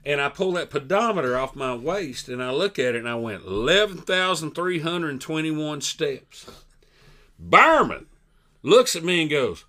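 A man with a drawl spins a funny story in loose podcast chatter. His voice is bright and forward, and he keeps a lively, laughing storyteller's energy. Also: on the high side, measured pace. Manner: animated, folksy storyteller who laughs a lot. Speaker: podcast co-host. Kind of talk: casual storytelling chat.

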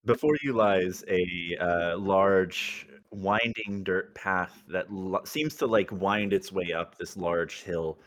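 Man, game master, tabletop narration, low pitch, bright tone. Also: steady tone, slow, hardly any pauses. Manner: laughs often, puts on characters.

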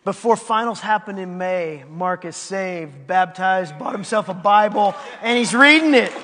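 A man preaching a sermon as a story, animated, acting out quotes, swinging from loud to quiet. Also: high voice, a little slow, soft background music, some chatter behind. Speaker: pastor. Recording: long reverb in a large hall.

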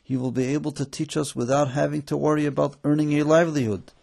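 Eager young students cry out with excitement, voices lifted high, put on by a male storyteller. The tone stays gravelly underneath, a storybook telling. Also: fast talker. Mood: excited. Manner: excited and exclaiming.

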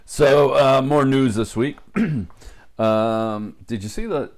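A man's voice: medium pitch, slow. A man in casual chat, laid-back and chuckling, swearing freely as he recalls old times.

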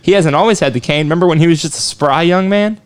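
A man's voice: fairly high pitch, fast, clear, resonant tone. Laid-back joking podcast man. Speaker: podcast host. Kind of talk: casual chat.

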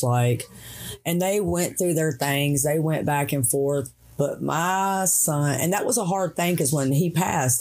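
A woman, a guest telling her story in an earnest, raw way that slows and speeds as she goes. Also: deep voice, mellow. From Tennessee, USA. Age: 40s. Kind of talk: emotional personal interview.

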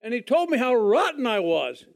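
Man, high voice, folksy testimony teller who does the other people's voices. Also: moderate pace, gravelly. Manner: folksy, animated, acts out other people's lines in a higher voice. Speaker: speaker giving a testimony. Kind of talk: testimony storytelling.

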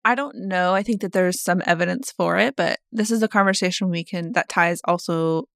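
A young woman co-hosting a podcast, discussing a book casually, thinking out loud and reading passages aloud. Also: lowish voice, fairly quick, gravelly, dry recording, clean studio sound. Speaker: podcast co-host.

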